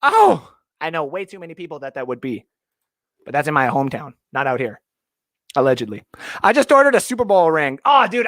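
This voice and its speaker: Excitable young man hosting a livestream. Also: fairly high pitch, no room sound, clean studio sound. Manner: rambling, excitable, jokey. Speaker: livestream host. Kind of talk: casual live-stream chat reading comments. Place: home basement.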